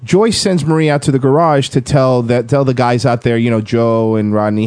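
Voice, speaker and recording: A man's voice: medium pitch, normal speed, darkish tone, clean tone, no room sound. A man co-hosting a podcast, telling a funny story casually, swearing and laughing as he goes. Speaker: podcast co-host.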